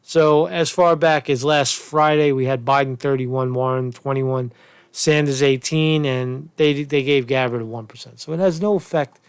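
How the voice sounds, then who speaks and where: A man's voice: medium pitch, fairly even intonation, moderate pace, clear, resonant tone, no room sound. A man giving casual political commentary in a video blog, rambling and blunt, repeating and restarting his phrases.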